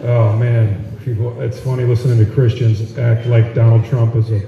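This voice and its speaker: A man's voice: mid-range voice, level tone, moderate pace, vocal fry, muffled recording, background noise. A man doing stand-up comedy in a large auditorium with a brash, profane, punchy delivery, captured on a phone in the audience. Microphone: phone recording from the audience area. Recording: echoey hall from far off. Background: audience laughter.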